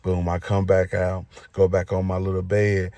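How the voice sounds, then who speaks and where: A man's voice: low voice, completely flat delivery, normal speed, mellow, dry recording. A man telling a story in a casual storytime vlog, loose and rambling, with many fillers. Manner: loose, rambling, filler "you know what I'm saying".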